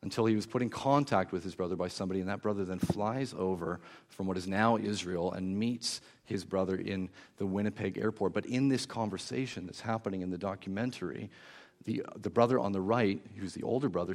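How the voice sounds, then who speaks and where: Man, preacher, sermon, low voice, gravelly, emotional storytelling. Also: brisk. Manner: storytelling, emotional, hushed at tender moments.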